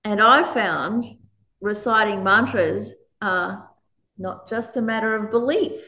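A woman's voice: mid-range voice, takes it slowly, pushed and bright, echoey room, lo-fi sound. A woman giving a conversational dharma talk as a meditation teacher. She laughs often while she teaches.

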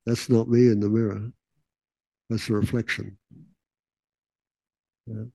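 A man giving a relaxed, casual teaching talk, with laughing asides and quotes that he acts out. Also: on the low side, takes it slowly, gravelly, no echo, rough recording.

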